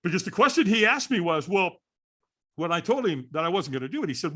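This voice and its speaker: Older man, sixties, podcast guest, animated storyteller, bright voice, sits a little high for a man. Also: fast talker. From California. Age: 60s. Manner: lively storyteller acting out voices, frequent "right?".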